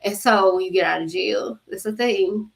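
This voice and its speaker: A woman hosting a spiritual channel, telling a story to her viewers in an animated, profane way and acting out the voices of the people in it. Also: medium pitch, normal speed, vocal fry, slight background noise. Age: adult mother. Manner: animated, profane, acts out quotes.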